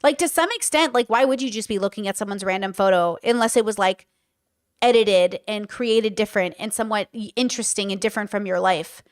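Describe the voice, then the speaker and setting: A young woman hosts a reaction show, talking casually and with strong opinions. Her voice sits a bit high and comes across close and dry, with no room around it. She fills her thoughts with likes and ums. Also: no room sound. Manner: chatty, opinionated, many fillers. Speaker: host reacting to a podcast clip. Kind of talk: casual commentary.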